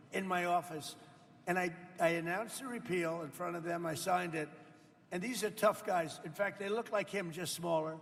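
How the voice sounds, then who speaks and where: A man's voice: high voice, fairly bright tone. A man in his seventies giving a rambling, boastful off-the-cuff speech at a roundtable, repeating himself and talking directly to people in the room. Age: 70s. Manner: rambling, boastful, repetitive, with asides to the audience. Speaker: politician speaking at a roundtable. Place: event room with people around a table. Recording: reverberant hall sound.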